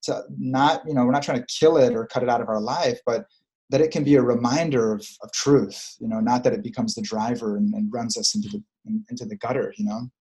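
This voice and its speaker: Earnest male coach for a reflective spiritual talk, mid-pitched, working through his thoughts aloud. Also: fairly even intonation, fairly quick, a little mellow. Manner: earnest, searching, repeats phrases.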